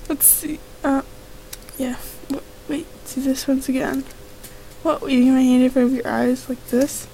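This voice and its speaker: High-pitched woman gamer, reads all game dialogue herself, quick asides, faint hiss behind. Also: little pitch movement, warm tone, rough recording. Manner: reads each character's lines in her own voice, reacts with exclamations. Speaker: let's play gamer. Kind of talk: reading game dialogue aloud with commentary.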